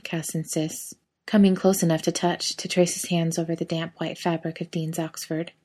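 Woman narrator, fiction reading, steady delivery, fairly low pitch. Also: normal speed, breathy edge.

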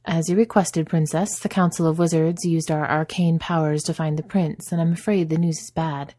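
A woman's voice: low voice, fairly even intonation, moderate pace, dark tone, no room sound, clean studio sound. Woman doing an oily, scheming male wizard. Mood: falsely sorrowful. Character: scheming smooth-talking male wizard, falsely sad.

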